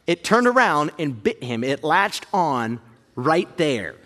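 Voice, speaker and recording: A man in his thirties preaching a storytelling sermon, animated and self-mocking, jumping to high yelps when he acts out fear. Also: slow pace. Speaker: pastor. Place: church auditorium. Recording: reverberant hall.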